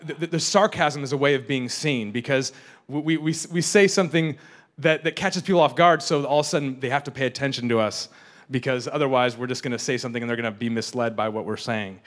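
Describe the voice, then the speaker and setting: A man's voice: medium pitch, fairly bright tone. A young adult man preaching a casual, joking sermon, often repeating and restarting his words. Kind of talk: conversational sermon.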